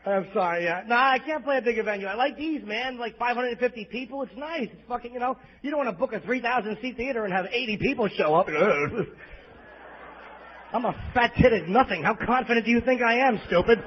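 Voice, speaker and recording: A man's voice: very high voice, fairly quick, a little hiss or hum. A man with a New York accent doing a crude, self-deprecating stand-up set at a live club, on a muffled bootleg recording. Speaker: stand-up comedian. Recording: muffled bootleg audience tape.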